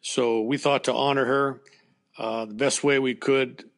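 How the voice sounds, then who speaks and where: A man's voice: mid-range voice, fairly even intonation, a little slow, creaky. An older man, a former baseball coach, telling a personal story in an interview in a plainspoken, conversational way with fillers and restarts. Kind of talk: emotional storytelling in a podcast interview.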